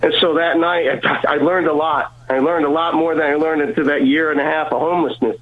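This man speaks a little higher than most men. He tells his story earnestly and with animation, stumbling over repeated words and acting out each person he quotes. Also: fairly even intonation, brisk, narrow, tinny audio, crowd noise. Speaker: guest.

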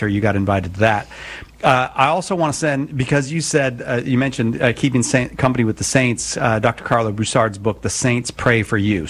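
A man hosting a live call-in radio show, chatty and joking with quick asides. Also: medium pitch.

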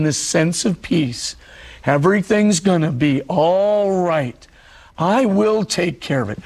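A man, a priest, giving a spiritual teaching talk, telling a personal story and slowing down to speak short prayers, with many "of course" fillers. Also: on the high side, creaky, breathy edge.

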